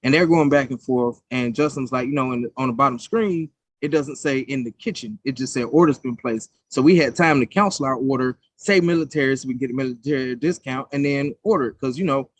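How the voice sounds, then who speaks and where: A man's voice: medium pitch, a little fast, hardly any pauses, no room sound. A young man co-hosting a podcast, telling stories in a casual, profane, heated way. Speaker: podcast co-host. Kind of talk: casual chat.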